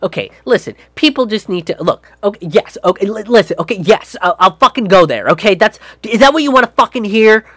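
Brief: snappish, defensive woman politician, high and loud, stammering curses, as a male comedian puts her on. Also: lively intonation, a little fast, few pauses, no room sound, full character voice. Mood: exasperated. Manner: curt, stammering, profane outbursts.

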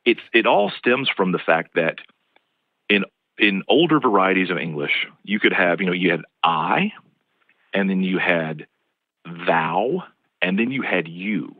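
Deep-voiced Southern man on a phone line. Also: lively intonation, a little slow, dry recording. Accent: Southern American. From East Tennessee. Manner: patient, lecturing, restarts mid-phrase. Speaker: linguistics professor, guest. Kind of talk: explanatory interview talk.

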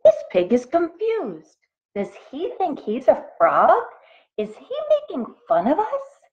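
A woman reading aloud voices a group of small, touchy pond frogs in a squeaky, indignant manner. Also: very animated, a little slow, phone-quality sound. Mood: suspicious.

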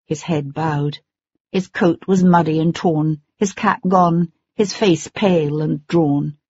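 An audiobook narrator reading in a measured, dramatic way, on a dull lo-fi recording. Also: mid-range voice, darkish tone, slightly rough, no room sound.

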